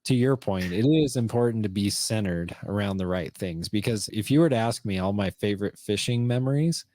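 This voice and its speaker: A man's voice: fairly low pitch, fairly quick, mellow. A middle-aged man co-hosting a podcast, telling fishing stories in an easygoing, casual way. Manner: storytelling, easygoing. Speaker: podcast co-host. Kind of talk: casual conversation.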